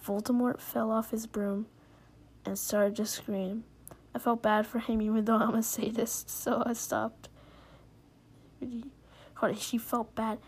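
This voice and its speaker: A woman's voice: on the high side, level tone, takes it slowly, breathy edge. Giggly young woman reading dramatically. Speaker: reader. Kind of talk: mock-dramatic reading of fan fiction.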